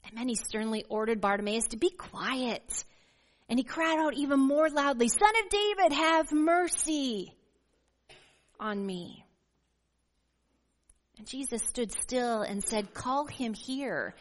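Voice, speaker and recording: A woman pastor with a fairly high voice delivers a sermon and reads scripture in a measured, emphatic way. She slows down to lean on key words. Her voice rings out with the long reverb of a church hall. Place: church sanctuary.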